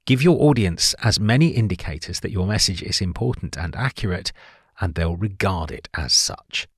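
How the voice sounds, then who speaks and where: Narrating a nonfiction book summary, a fairly low-voiced man leans on important words, so his pitch swings up and down with lively intonation. His delivery is clear and measured, captured close and dry, with no room sound and no echo.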